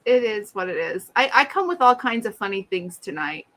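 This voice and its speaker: A woman's voice: medium pitch, a little fast. A middle-aged woman co-hosting a casual chat, telling funny stories and acting out the people in them. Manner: animated, acts out quoted voices. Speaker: podcast co-host.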